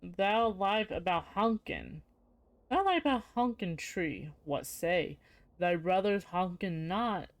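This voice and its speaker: A streamer voicing a stern woodcutter who accuses others, speaking slow, deliberate mock Old English as game dialogue. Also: mid-range voice, expressive. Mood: accusing. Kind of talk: reading game dialogue aloud.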